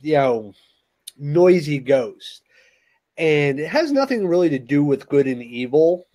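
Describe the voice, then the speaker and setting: A man's voice: medium pitch, dark tone. A man co-hosting a casual podcast, explaining things steadily with lots of "you know" fillers. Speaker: co-host.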